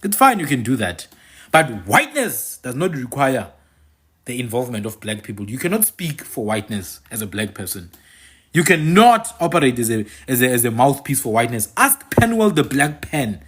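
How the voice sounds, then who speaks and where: A man's voice: mid-range voice, big pitch swings, normal speed, a bit bright, husky. A man with a South African accent who hosts a channel, giving an opinionated monologue to his viewers and repeating phrases for emphasis. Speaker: channel host and commentator.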